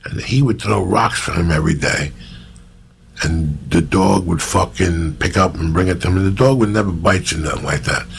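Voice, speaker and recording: A man in his fifties, born in Cuba, hosting a casual podcast and telling profane stories in an animated way, imitating the people in them. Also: low-pitched, moderate pace, creaky, slight background noise. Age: 50s. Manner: profane, animated storyteller who mimics people. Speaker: podcast host. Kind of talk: casual storytelling chat.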